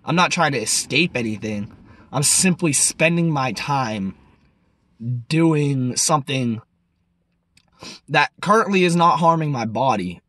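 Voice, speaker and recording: A young man in his twenties ranting casually to camera, profane and rambling, swinging between loud outbursts and low mutters. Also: animated, a little slow, long pauses, no echo. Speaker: vlogger.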